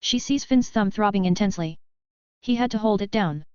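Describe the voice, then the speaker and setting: Lady reading a novel out, steady even delivery, dry dull sound. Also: mid-range voice, a little fast, smooth, dry recording. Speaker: audiobook narrator. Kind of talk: scripted novel narration.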